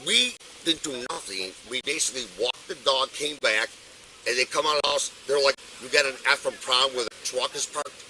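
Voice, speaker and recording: A man's voice: medium pitch, expressive, fairly quick, crowd noise, low-quality recording. A middle-aged man from Buffalo with a local accent, drunk and agitated, arguing and swearing at police, recorded on a body-worn camera. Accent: Buffalo, New York. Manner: agitated, swearing, name-dropping. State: intoxicated. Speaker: detained judge. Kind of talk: heated argument with police.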